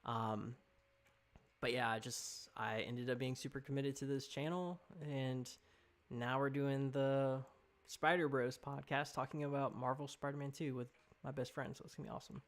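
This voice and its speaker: A young man talks loosely on his live stream. He rambles and reacts to chat comments as they come in. His pitch is right in the middle for a man. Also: fairly even intonation, moderate pace. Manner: chatty, rambling, reading chat aloud.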